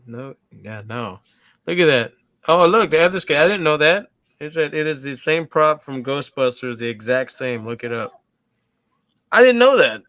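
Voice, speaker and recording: A man's voice: a little high, very animated, moderate pace, a bit bright, no echo, clean studio sound. A man co-hosting a live movie watch-along, joking and swearing in casual chat. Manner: profane, jokey. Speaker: podcast co-host.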